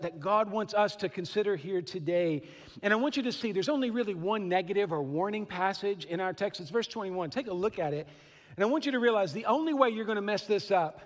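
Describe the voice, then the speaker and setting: A man's voice: sits high, a bit bright, in a large hall. A middle-aged man from Western Kentucky with a Southern accent, preaching a sermon in an earnest, conversational way with asides. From Western Kentucky / Southern Illinois. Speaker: pastor.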